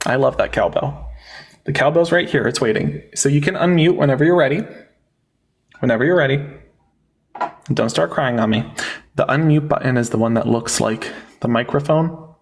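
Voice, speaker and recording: A man's voice: medium pitch, normal speed, long pauses, breathy edge. A young man hosting a live online debate, mocking and sarcastic, often cutting his guests off. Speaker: livestream debate host.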